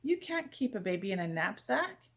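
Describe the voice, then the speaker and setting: A woman's voice: mid-range voice, big pitch swings, normal speed. A woman voicing a flustered, exasperated schoolteacher in a read-aloud storybook.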